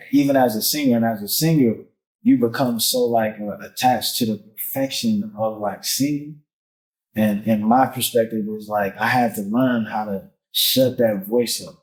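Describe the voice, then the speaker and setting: A man appearing as a musician guest on a podcast, talking casually in animated street slang and swearing often. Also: mid-range voice, rough recording. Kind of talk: casual conversation.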